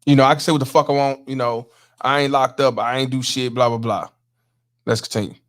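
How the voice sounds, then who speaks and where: A man's voice: mid-range voice, fairly even intonation, brisk, fairly bright tone. A man hosting a stream, casually explaining and reacting to clips for viewers with plenty of profanity. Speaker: host.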